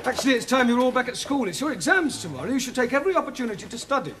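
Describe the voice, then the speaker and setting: A polite, long-suffering schoolteacher. His voice is high and his talk brisk, and he keeps patiently correcting the people around him. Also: big pitch swings, a bit bright, exaggerated voice. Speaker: teacher. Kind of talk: 1970s sitcom acting.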